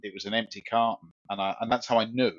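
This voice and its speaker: A man's voice: fairly low pitch, steady tone, quick pace, no echo. A man co-hosting a podcast, telling a long story in a rambling, swearing, repetitive way. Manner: rambling, swears, repeats himself. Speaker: podcast co-host. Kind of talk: casual storytelling chat. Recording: dull lo-fi sound.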